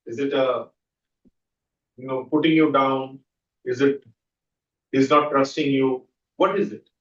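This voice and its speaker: A man leading a guided visualization exercise as a trainer, coaching with quick repeated questions. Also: medium pitch, fairly even intonation. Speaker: NLP trainer. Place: training room. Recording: dull echoey room audio from far off.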